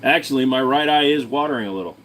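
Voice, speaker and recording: A man's voice: mid-range voice, fast talker, fairly bright tone, slight background noise. A man hosting his own channel, answering viewer questions in a rambling, crude, joking way. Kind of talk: casual livestream Q&A chat.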